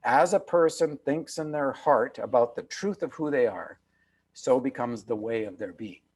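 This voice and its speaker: Heard on a video call, the author is a man older than fifty whose mid-range voice is animated, a little mellow and breathy, at normal speed. As an interview guest he reflects in an earnest, emphatic manner, leaning on repeated phrases for emphasis.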